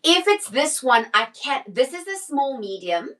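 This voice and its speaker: A woman's voice: sits high, very animated, a little slow, fairly bright tone, rough recording. A middle-aged woman, a personal stylist, chatting casually on a live shopping stream, answering viewer questions and often restarting her sentences.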